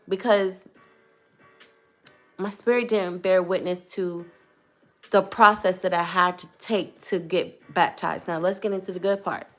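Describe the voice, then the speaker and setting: A woman's voice: medium pitch, fairly bright tone. A young woman vlogger telling a personal testimony to camera in an earnest, hesitant way, choosing her words carefully.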